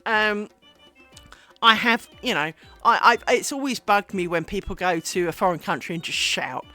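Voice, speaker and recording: A woman's voice: medium pitch, normal speed, pushed and bright, faint music behind. A woman chatting casually on a live stream while she makes lace, rambling and self-deprecating, with lots of fillers.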